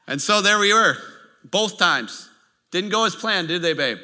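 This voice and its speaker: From the pulpit of a large hall, a pastor preaches a sermon in a high, piercingly bright voice, speaking a little slowly. His delivery rises and falls as he tells stories with lively energy and checks in with the congregation. A long reverb tail trails after his words.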